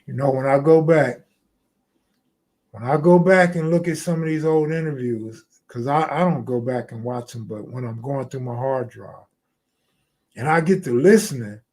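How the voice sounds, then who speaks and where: A man's voice: mid-range voice, darkish tone. Slangy, easygoing live stream host man. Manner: loose, slangy, talks to chat and reads comments aloud. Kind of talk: casual live stream chat.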